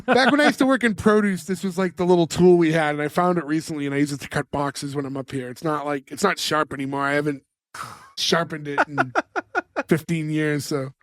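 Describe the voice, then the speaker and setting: A man's voice: fairly high pitch, brisk, a bit bright, dry recording, studio quality. A man co-hosting a casual podcast, joking and acting out lines while he recaps a sitcom episode. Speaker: podcast co-host.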